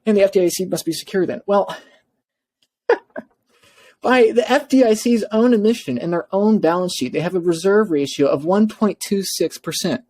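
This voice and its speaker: A man, an adviser, delivering an impassioned monologue, emphatic and repeating himself with quick restarts. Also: high voice, darkish tone. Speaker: bitcoin adviser.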